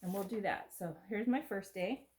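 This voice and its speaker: A woman's voice: mid-range voice, normal speed, darkish tone, a little hiss or hum. A middle-aged woman from the United States, chatting casually and rambling a little as she unboxes gifts on her home vlog. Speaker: vlogger. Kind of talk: casual chat.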